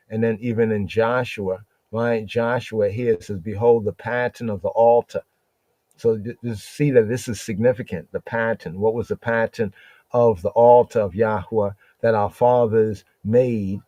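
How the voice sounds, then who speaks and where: Dark-voiced man teaching scripture. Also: medium pitch, dry recording. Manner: thinking aloud, repeating words, frequent "right?" checks. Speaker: Bible teacher. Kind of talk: live-streamed scripture study.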